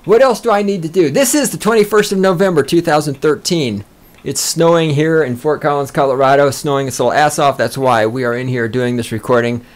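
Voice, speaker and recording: A man hosting a podcast from a small studio, ranting loudly and boastfully with heavy swearing. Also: fairly high pitch, fairly quick. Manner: loud, fired-up, profane and boastful. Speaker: podcast host. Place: small recording studio with a control room.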